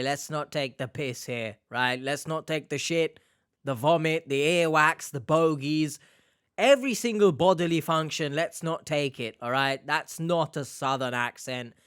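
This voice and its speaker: Sarcastic man reacting, slow and dry. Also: a little high, a bit bright, smooth, no echo. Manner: mocking, sarcastic, jumps into silly voices. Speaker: reaction video host. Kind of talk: comedic reaction commentary.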